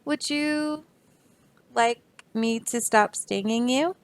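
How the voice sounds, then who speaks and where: A woman's voice: on the high side, takes it slowly, no room sound, voice pushed up. Woman doing a sly, pushy bee in a storybook. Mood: wheedling.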